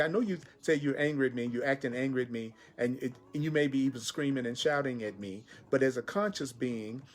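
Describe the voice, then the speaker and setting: A middle-aged man giving a spiritual teaching talk, repeating key phrases with emphasis. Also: medium pitch. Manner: repetitive, emphatic, pleading voice for quotes.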